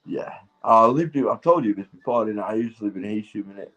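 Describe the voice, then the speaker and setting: A drunk Northern English man in his 40s rambles to his livestream viewers in a lowish, animated voice, talking fast. He swears freely and laughs at his own thoughts as his monologue wanders. The tone is a bit bright, and the recording is rough.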